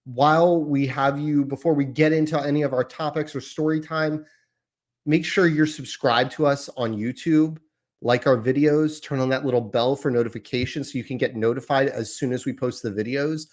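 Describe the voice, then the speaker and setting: A man's voice: mid-range voice, steady tone, normal speed. A man in his thirties hosting a casual podcast, talking in a chatty, rambling, self-deprecating way. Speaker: podcast host.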